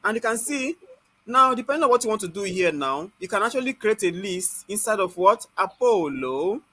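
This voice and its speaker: A man with a Nigerian accent leads a live online software class. He keeps asking the class "what?" and then answers it himself. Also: high voice, dry recording. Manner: scolds students in Nigerian Pidgin.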